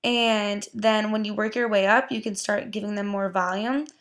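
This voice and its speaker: A woman's voice: mid-range voice, steady tone, moderate pace, fairly bright tone. A young woman giving a casual hair tutorial, chatty and full of "like" and "um". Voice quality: gravelly vocal fry. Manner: chatty, lots of "like" and "um". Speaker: beauty vlogger.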